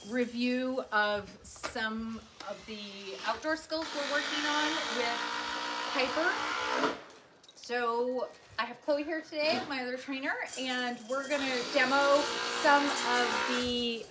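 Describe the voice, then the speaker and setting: High-voiced woman dog trainer, outdoors. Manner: friendly, explanatory, high excited calls to the puppy. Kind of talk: instructional demo. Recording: outdoor, distant mic, noisy.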